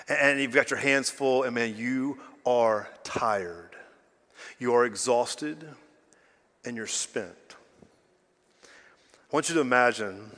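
A man, a pastor, preaching to a congregation, swinging from loud emphasis to hushed lows and talking directly to the people. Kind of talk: sermon. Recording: reverberant hall, faint music behind.

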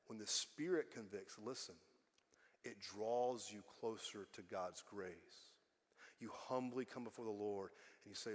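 A male pastor preaching a sermon, emphatic and repetitive, swinging between loud passages and hushed ones. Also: on the low side, measured pace. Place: church sanctuary. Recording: long hall reverb.

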